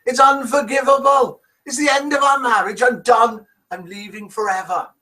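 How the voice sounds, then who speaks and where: A man voicing an enraged Irish son-in-law in a joke, with an attempted Irish accent and loud, strained outrage. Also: very high voice, steady tone, moderate pace, recorded from a distance, voice pushed up. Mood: outraged. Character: furious Irish son-in-law, packing to leave.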